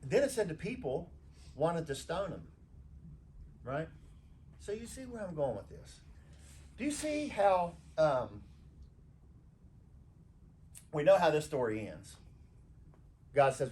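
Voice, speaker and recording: Guy pastor preaching, voice swings up n down a lot, kinda highish, faint church room hum behind. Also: unhurried, long pauses. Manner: animated, conversational, acts out quoted voices. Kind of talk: informal sermon to a small congregation.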